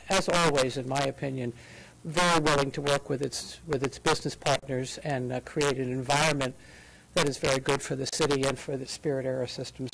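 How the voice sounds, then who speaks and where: A woman's voice: rumbling low, slight background noise, poor audio. A woman giving a public comment at a city council meeting. She is out of breath and talks with enthusiasm and many fillers. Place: council chamber.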